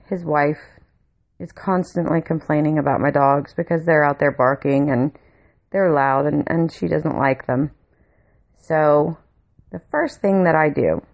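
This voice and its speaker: A woman's voice: sits low, normal speed, creaky, darkish tone. A woman telling a personal story in a casual monologue, blunt and swearing freely. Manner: blunt, swears freely, heated when retelling anger. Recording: dull lo-fi home recording.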